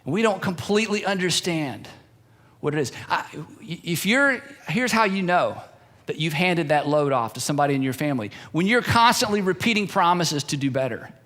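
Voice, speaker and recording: Man, pastor, high voice, preaching, repetitive emphatic lines. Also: animated, moderate pace, a bit bright. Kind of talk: sermon.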